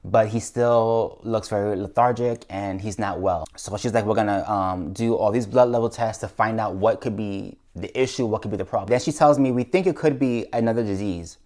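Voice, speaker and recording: A man's voice: fairly low pitch, moderate pace, few pauses. Anxious man retelling a stressful story. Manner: anxious, animated retelling with quoted dialogue. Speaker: vlogger. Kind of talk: casual storytelling.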